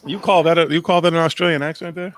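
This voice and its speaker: A man's voice: a little high, steady tone, quick pace, no echo. A man with a Boston accent hosting a live stream, teasing and swearing in casual chat. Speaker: stream host.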